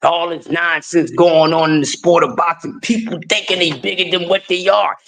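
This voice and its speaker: A middle-aged man, ranting emphatically on a livestream, shifting from shouting to quiet pleas. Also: a little high, fairly even intonation, normal speed. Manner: emphatic, preachy, swings between shouting and quiet. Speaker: livestream host. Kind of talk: impassioned livestream rant.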